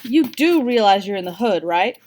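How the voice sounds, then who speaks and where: A scolding, sarcastic mother who still soothes her child, voiced by a woman reading a novel aloud. Her voice rides higher and livelier than the narration, at a middle pitch overall. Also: animated, moderate pace, a little mellow, a little hiss or hum, close to an everyday voice. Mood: gentle. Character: sharp-tongued mother, scolding yet loving.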